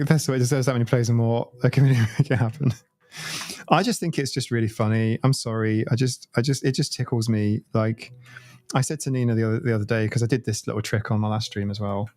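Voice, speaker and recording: A man's voice: mid-range voice, fairly even intonation, fast, darkish tone. A British man chatting casually on a livestream from home, rambling and laughing often. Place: at home, watching his stream on a TV.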